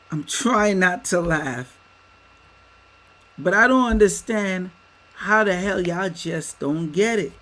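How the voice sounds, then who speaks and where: Slow, emphatic man on a livestream. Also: high voice, expressive, bright, forceful tone, poor audio. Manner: emphatic, rhetorical questions to viewers; addresses viewers as y'all. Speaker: livestream host. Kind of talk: livestream commentary. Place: home setup with a green screen.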